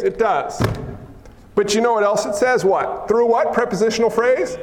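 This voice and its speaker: A man preaching a sermon in an animated, joking way, acting out what people say. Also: high voice, moderate pace, a little hiss or hum. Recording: echoey hall.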